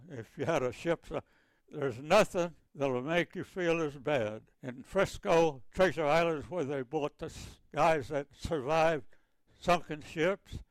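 Old guy rambling through his war stories, kinda high voice, dry sound, lots of restarts. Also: no echo. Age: older. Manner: halting, repetitive storytelling with restarts. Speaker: navy veteran interviewee. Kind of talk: recounting wartime memories.

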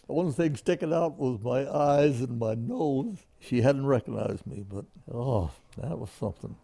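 Older guy, folksy storyteller, warm low-key voice, dry close sound. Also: dry recording. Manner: folksy, plain-spoken storyteller. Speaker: interviewee, former pilot. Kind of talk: storytelling in an interview.

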